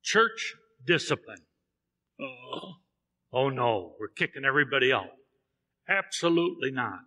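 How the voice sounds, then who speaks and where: A man's voice: medium pitch, sing-song, measured pace, pushed and bright, big-room sound. A man preaching a sermon in a church, telling a Bible story and acting out the characters' lines. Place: church sanctuary.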